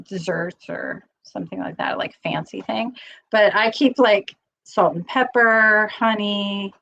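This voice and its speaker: A woman's voice: medium pitch, fairly bright tone, lo-fi sound, slight background noise. A middle-aged woman hosting a casual live stream, chatty and rambling, getting teary as she talks. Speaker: channel host.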